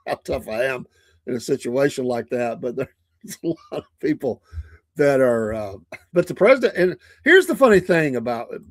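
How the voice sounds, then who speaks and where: A man's voice: medium pitch, no room sound. A man hosting a casual morning talk show, rambling through stories and chuckling often into a close mic in a small studio.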